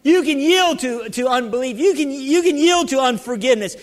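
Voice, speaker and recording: A man with a very high voice preaches a fervent sermon, calling out questions to his congregation. His voice rings through a hall with long reverb. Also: expressive, fairly quick.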